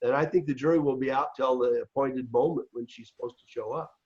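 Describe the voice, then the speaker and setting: A man co-hosting a casual political discussion, explaining legal points in a measured, lawyerly way with some restarts. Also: mid-range voice, fairly even intonation, darkish tone, highs cut off. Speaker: co-host.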